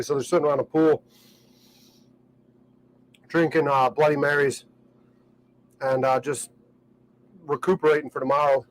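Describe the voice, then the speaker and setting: A man with a drawl talks in a loose, easygoing vlog ramble, full of ums and restarts. His voice sits a little higher than most men's. He is recording outdoors on a boat at a dock. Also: normal speed, pauses often, poor audio. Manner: relaxed, rambling, with many fillers. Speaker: vlogger. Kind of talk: casual vlog talk.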